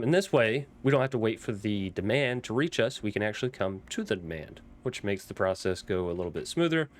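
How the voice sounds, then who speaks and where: A young man with a Southern accent, rambling through casual gameplay commentary with frequent ums and restarts. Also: lowish voice. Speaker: Minecraft modpack let's player.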